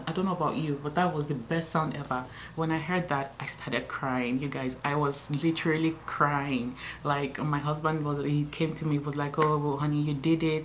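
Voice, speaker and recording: A woman's voice: low voice, a little hiss or hum. A woman vlogger and new mother telling her story in a chatty way, with many fillers and restarts. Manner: chatty, many fillers and restarts, animated when reliving moments. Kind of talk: casual vlog storytelling.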